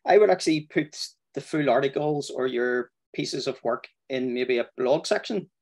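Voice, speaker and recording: A man walking viewers through building a website, talking in a relaxed way with fillers, over a video call. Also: mid-range voice, normal speed. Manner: relaxed, thinking aloud with fillers. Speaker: web design instructor. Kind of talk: screen-share tutorial walkthrough.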